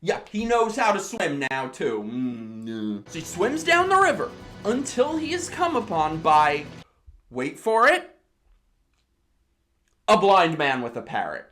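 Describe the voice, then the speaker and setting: Tipsy woman, lively swearing movie recap. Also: medium pitch, unhurried, long pauses, faint music behind. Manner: animated, swearing, exclamatory storytelling. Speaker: host. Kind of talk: drunk comedic movie recap.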